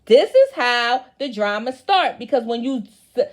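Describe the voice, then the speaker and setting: A woman's voice: on the high side, lively intonation, unhurried. A woman giving a casual, blunt recap of a reality show, with slangy speech and frequent swearing.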